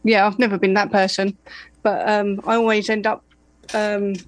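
A guest chats at a middling pitch. They talk hesitantly, with fillers and wry self-deprecation. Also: little pitch movement, moderate pace, no echo, rough recording. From Essex, England. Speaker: guest, painter. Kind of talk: casual conversation.

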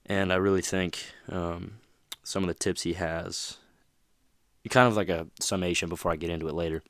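A man's voice: low voice, fairly even intonation, normal speed, fairly bright tone, no room sound, studio quality. A man hosting a motivational podcast, talking casually with plenty of fillers and restarts. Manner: rambling, lots of fillers and you-knows. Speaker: podcast host.

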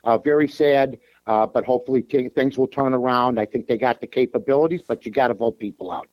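The audio is dull, with no room sound, as a medium-pitched, fairly quick male voice comes through. He's a Chicago sports radio host and handicapper guesting on a call-in show from his parked car, talking sports bluntly with many fillers and restarts.

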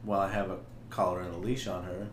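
Low-voiced man co-hosting a frank podcast. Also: flat delivery, quick pace, reverberant, noisy background. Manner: frank, joking, laughs often. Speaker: podcast co-host. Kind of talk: casual chat, reading listener submissions.

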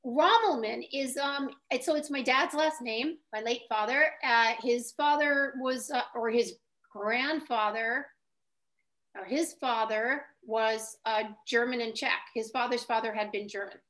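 High-voiced woman writer telling stories. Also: measured pace, fairly bright tone. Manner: chatty, hesitant storyteller with many restarts. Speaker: guest writer. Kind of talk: casual interview talk.

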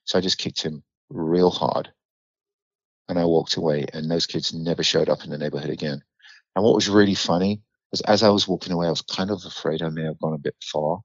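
In a deep, steady voice and at a fairly quick clip, a middle-aged Englishman from the UK shares a story on a podcast, blunt and vivid and full of swearing. The sound is dry and a touch dull.

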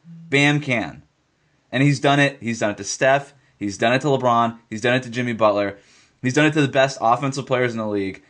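A man's voice: medium pitch, a little fast, fairly bright tone. Emphatic man making his case. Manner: emphatic, repeats points for stress. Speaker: sports podcast co-host. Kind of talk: casual sports talk.

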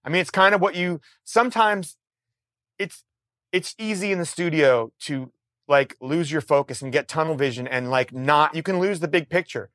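A middle-aged man, a musician guest, telling a story in a casual, animated way, swearing freely and restarting his sentences. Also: fairly high pitch, normal speed, no room sound, clean studio sound. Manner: animated, profane, frequent restarts.

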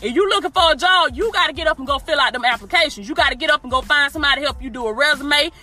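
A woman's voice: sits high, racing, pushed and bright, faint music behind. A woman preaching informally and emphatically, repeating her phrases and talking straight to her listeners. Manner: emphatic, repeats phrases, addresses listeners directly with y'all and baby. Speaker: motivational preacher.

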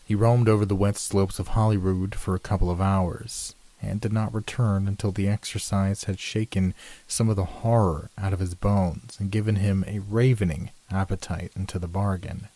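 Low mellow male storyteller. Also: level tone. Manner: measured storytelling, lifts pitch for dialogue. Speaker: narrator reading classic ghost stories. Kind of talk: scripted audiobook narration.

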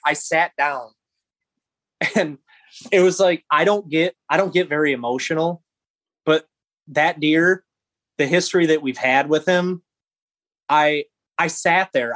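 A man in his thirties, a podcast guest, telling a story in animated, halting bursts with many restarts. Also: a little high, no room sound.

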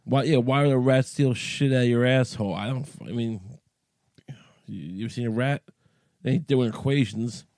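A man's voice: medium pitch, moderate pace, a little mellow, no room sound. A man hosting a solo podcast, talking in a crude, profane, rambling comic way, his voice a little cracky from the morning, recording in a small closet. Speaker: podcast host.

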